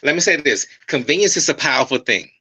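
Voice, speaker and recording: A man's voice: a little high, lively intonation, fast, pushed and bright, breathy edge, no room sound, rough recording. A man speaking as a guest hair stylist in a casual interview. He explains through stories and keeps checking in with "okay?" and "right?". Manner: storytelling, repeats himself, checks in with "okay?" and "right?".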